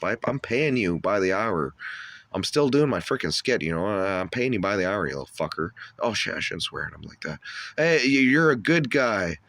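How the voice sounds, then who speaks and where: A man hosting a comedy skit, high on cannabis and ranting in a rambling, profane way with loud outbursts. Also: sing-song, normal speed, no room sound. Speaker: host. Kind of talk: stoned comedy rant.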